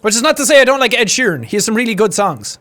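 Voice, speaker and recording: A man's voice: very high-pitched, big pitch swings, sharp tone, soft background music. An Irish man streaming live, chatting casually and ranting with swearing and laughter. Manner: profane, ranting, quick to laugh.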